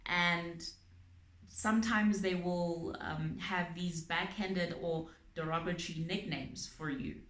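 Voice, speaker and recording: Slow-talking woman in an echoey room. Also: lowish voice. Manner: calm, explains with everyday examples, frequent ums. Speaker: channel host on abuse awareness. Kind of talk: explanatory talk to camera.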